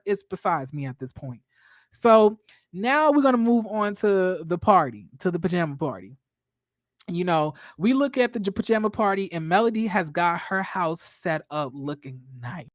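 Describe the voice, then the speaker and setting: A woman in a casual video blog, recapping a reality TV episode with blunt, profane, animated storytelling. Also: mid-range voice, no room sound, clean studio sound. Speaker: reaction commentator.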